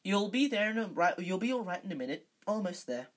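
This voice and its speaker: A reader voicing a clever, sharp-tongued schoolgirl with a higher voice, in a fan storybook reading. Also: very animated, brisk. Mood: worried. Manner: sharp and urgent.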